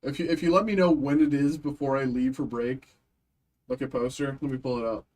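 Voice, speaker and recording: A man hosting a live stream card break, reading off card names in quick lists and chatting with his viewers. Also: medium pitch, fairly even intonation, darkish tone. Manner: chatty with chat viewers, thanks buyers. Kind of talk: live stream pack opening.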